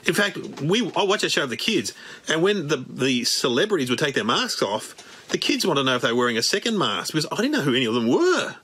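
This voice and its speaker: Australian stand-up comic, middle-aged, dry and self-deprecating, bright lively delivery. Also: male voice, fairly high pitch, brisk, husky. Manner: dry self-mocking, deadpan jokes. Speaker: comedian. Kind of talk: stand-up comedy to camera.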